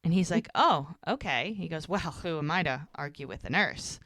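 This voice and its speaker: A woman's voice: deep voice, brisk, no echo, clean studio sound. A woman casually recapping a TV episode on a podcast, acting out the characters' lines as she goes. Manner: animated retelling, quoting characters with "she's like". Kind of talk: casual chat.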